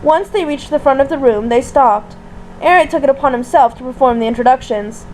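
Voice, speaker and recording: A woman narrates a fan-written story at a steady pace, sometimes tripping over a word and restarting. Her voice is high and light. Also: a little fast, a little hiss or hum, rough recording. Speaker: audiobook reader. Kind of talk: reading fan fiction aloud.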